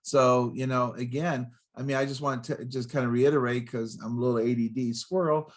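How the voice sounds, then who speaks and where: A man in his sixties, a guest motivational speaker on a podcast, talking in an excitable, punchy way with rhyming catchphrases and jumping from story to story. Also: mid-range voice, moderate pace. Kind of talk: energetic podcast interview.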